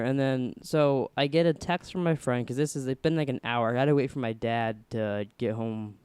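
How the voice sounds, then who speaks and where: A man's voice: normal speed, hardly any pauses, clear, resonant tone, dry recording. A young man hosting a podcast, telling a story casually and acting out the people in it. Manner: animated, voices quoted people with pitch jumps. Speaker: podcast host.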